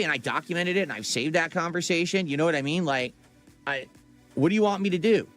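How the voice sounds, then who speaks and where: Male streamer, higher-pitched, exasperated and foul-mouthed, talking straight to chat. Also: quick pace, fairly bright tone, faint music behind. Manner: profane, defensive, exasperated. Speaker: livestreamer. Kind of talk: casual livestream rant to chat.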